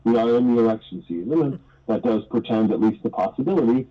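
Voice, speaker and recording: Husky-voiced man explaining economics. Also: mid-range voice, fast. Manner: earnest, articulate explainer. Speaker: economist guest. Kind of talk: radio interview commentary. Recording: dull lo-fi radio audio.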